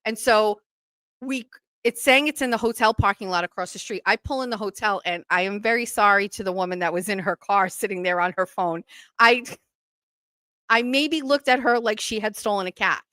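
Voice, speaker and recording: Podcast host: New woman, bright, higher voice, animated storyteller who acts out the quotes, dry close mic. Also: moderate pace, no echo. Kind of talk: casual storytelling.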